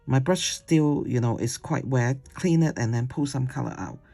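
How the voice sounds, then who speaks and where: Gravelly, mellow voice, watercolor teacher, chatty, digressive, gentle instructions. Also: mid-range voice, normal speed, faint music behind. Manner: chatty and digressive, ends steps with "okay?". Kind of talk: casual painting demonstration.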